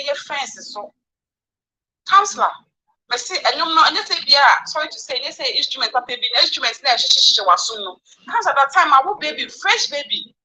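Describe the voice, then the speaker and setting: A woman tells her story in an excitable rush, repeating herself and bursting into shouts. Her voice sits high and leaps all over the place. It has a bright, sharp edge. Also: low-quality recording. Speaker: guest telling her story. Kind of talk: animated storytelling in a talk show.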